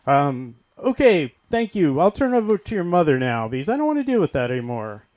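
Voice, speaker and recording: A man voicing his father, a wannabe broadcaster who narrates family moments in a loud announcer patter. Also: on the high side, sing-song, a little fast. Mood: announcing.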